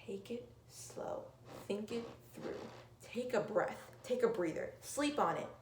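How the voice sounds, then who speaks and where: Woman, earnest pep-talk delivery, loud urging and hushed asides, recorded in a roomy space with faint ambience. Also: mid-range voice, lively intonation, a little slow, slight background noise. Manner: earnest, emphatic, swings from loud urging to soft near-whisper. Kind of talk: motivational monologue.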